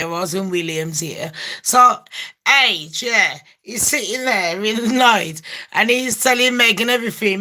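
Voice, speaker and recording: Woman ranting gossip on her channel, loud swearing, bright punchy voice. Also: mid-range voice. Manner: brash, swearing, laughs a lot. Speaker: gossip vlogger. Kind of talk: casual gossip rant.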